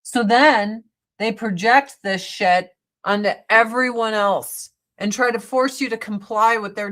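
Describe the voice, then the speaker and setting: Slow-talking, blunt, swearing woman host. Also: mid-range voice, sharp tone. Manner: blunt and profane, with frequent swearing; chatty, replying to viewer comments as she goes. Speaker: livestream host. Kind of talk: casual chat while doing her makeup.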